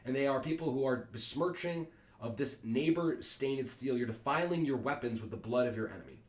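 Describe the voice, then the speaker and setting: A man's voice: mid-range voice, brisk. Man explaining Shakespeare in an echoey room. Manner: plain explaining with fillers and restarts, paraphrasing lines. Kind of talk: casual explanatory lesson.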